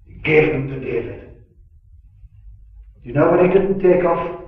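A man preaches slowly and earnestly, his voice sitting a little high and rising and falling widely as he leans into key words. He is heard from some way off in a very echoey room, on a dull, lo-fi recording. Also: lively intonation, recorded from a distance. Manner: slow, earnest, swelling on key words, chatty "you know" asides. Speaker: preacher at a gospel meeting. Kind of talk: sermon.

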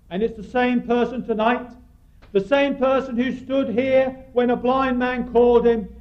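High-voiced earnest male preacher. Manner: earnest, pleading, rises and drops in emphasis. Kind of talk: evangelistic sermon. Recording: dull lo-fi recording.

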